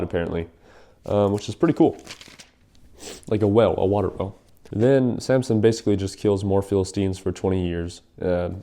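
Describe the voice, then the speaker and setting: A man's voice: sits low, warm tone. A young man casually retelling a Bible story in a rambling, slangy way, with lots of fillers.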